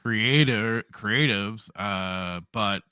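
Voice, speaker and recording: A man's voice: lowish voice, extremely slow, pushed and bright, clean tone, dry recording, studio quality. A man co-hosting a casual podcast chat, often stammering as he starts a thought and then agreeing. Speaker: podcast co-host.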